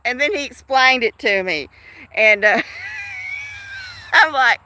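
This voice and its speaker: A woman's voice: high-pitched, wildly swooping pitch, extremely slow, long pauses, pushed and bright, no echo. A woman in her fifties, chatting casually to viewers of her live stream in a rambling, talkative way. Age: 50s. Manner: rambling, chatty, with frequent restarts and laughs.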